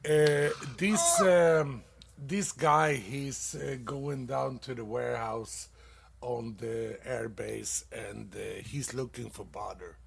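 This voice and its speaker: Here a comedy-show host with a medium-pitched, husky voice and vocal fry runs through stand-up dad jokes. The delivery is halting, casual, and profane, with lots of fillers and loud laughs at his own punchlines.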